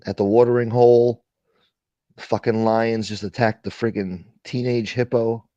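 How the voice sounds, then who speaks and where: A man hosts a late-night livestream, rambling loosely and swearing freely as he answers his chat. His voice sits at an ordinary middle pitch. The sound is dull and lo-fi, close and dry with no room echo. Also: little pitch movement, moderate pace, warm tone. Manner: profane, rambling, reads and answers chat comments. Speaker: livestream host.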